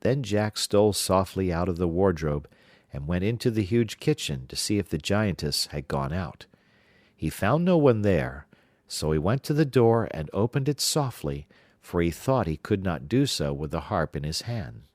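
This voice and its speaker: A man giving scripted narration of a fairy-tale audiobook in an even, measured way. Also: deep voice, no echo, clean studio sound.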